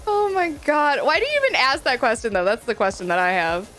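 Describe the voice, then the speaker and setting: A woman's voice: fairly high pitch, very animated, a little fast, a bit bright, faint music behind. A woman livestreaming a game, chatting frankly and playfully with her viewers and laughing often. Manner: chatty, talks to viewers as friends. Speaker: livestreamer reading chat. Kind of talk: casual gaming stream chat.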